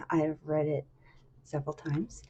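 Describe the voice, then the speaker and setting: A woman with a slightly low voice reads a novel aloud for her stream. She speaks softly and quietly, pausing with casual fillers between passages. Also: level tone, husky, highs cut off.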